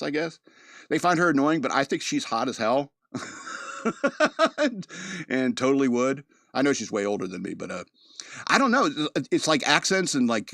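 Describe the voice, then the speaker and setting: A man's voice: fairly high pitch, a bit bright, dry recording. Man, mid-Atlantic American accent, podcast host, loose joking monologue, dry recording. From East Coast of the United States. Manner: rambling, joking, laughs often. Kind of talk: casual monologue.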